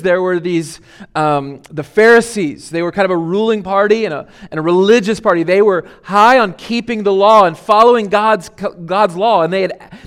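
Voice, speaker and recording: A man's voice: high voice, clean tone. A man preaching a sermon as lead pastor, conversational with many fillers and restarts.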